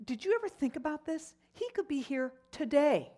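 A middle-aged woman teaching a Bible lesson, telling stories in an animated way with frequent exclamations. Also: sits high, normal speed.

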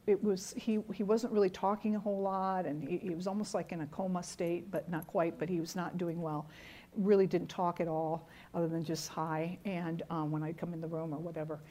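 A woman's voice: lowish voice, warm tone. A middle-aged woman giving an earnest church teaching talk, telling stories and repeating key words for emphasis. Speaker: Bible teacher.

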